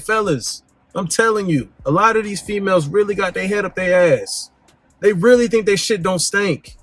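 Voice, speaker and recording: A man hosting a dating advice talk, speaking bluntly in slang and swinging his pitch up and down for emphasis. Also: normal speed, soft background music. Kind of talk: casual direct-to-camera monologue.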